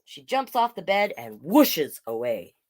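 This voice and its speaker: A woman reading picture books aloud to children, with chatty, animated asides to the viewers. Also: on the low side, measured pace. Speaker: storytime reader.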